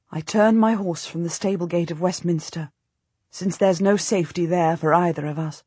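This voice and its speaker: A woman narrating a first-person historical novel as an audiobook, in a measured, steady way. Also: lowish voice, husky, no echo.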